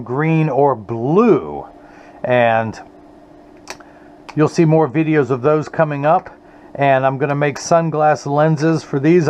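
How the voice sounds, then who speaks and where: A man's voice: a little high, a little mellow. A middle-aged man, talking earnestly and a bit ramblingly to camera while he makes glasses in his workshop. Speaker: optician and eyewear maker. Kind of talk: casual talk to camera while making glasses. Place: eyewear workshop. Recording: slightly dull audio with faint room noise.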